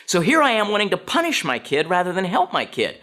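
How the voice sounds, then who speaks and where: A man's voice: high voice, fairly quick. A middle-aged man giving a talk to an audience, telling a personal story and acting out the dialogue in it. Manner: animated, acts out quoted dialogue. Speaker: speaker.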